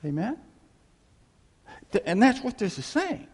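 A man preaching a sermon, telling stories in an animated way and acting out the voices of the people in them. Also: high voice, unhurried, husky, long reverb tail. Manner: animated storytelling, acting out quoted voices with laughs.

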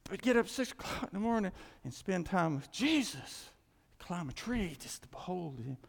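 A man preaching with an animated, swooping delivery. He tells stories and acts out the dialogue as he goes. His voice rings through a church hall with a long echo. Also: high-pitched, normal speed, vocal fry. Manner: lively, animated preaching with asides and quoted dialogue. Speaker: pastor. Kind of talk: sermon.

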